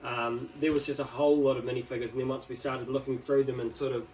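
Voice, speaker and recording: A man's voice: medium pitch, level tone, quick pace, over a noisy crowd. A man from New chatting in a laid-back, slightly hesitant way on a shop vlog. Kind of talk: casual chat. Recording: faint background noise.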